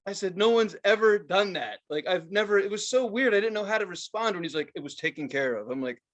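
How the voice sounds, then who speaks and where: A man's voice: high voice, fast. A young adult man co-hosting a podcast, telling stories in casual chat with lots of cursing and acted-out quotes. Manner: profane, animated storytelling with voiced quotes. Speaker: podcast co-host.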